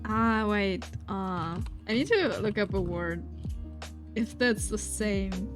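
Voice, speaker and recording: Over faint lofi music, a woman with a German accent chats casually on her stream and reads chat aloud. Her medium-pitched voice has lively intonation and a slow pace, and she giggles a lot and keeps restarting her sentences.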